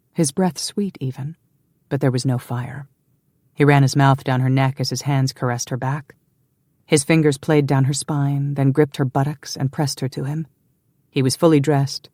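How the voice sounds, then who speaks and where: Brief: a low-pitched woman reading a historical romance, measured and hushed, dry studio sound. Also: no room sound. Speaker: audiobook narrator. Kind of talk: scripted narration.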